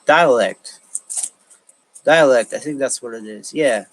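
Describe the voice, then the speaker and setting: A man talking alone on a livestream, thinking aloud in a halting way with frequent restarts and fillers. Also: medium pitch, low-quality recording. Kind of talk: rambling solo livestream talk.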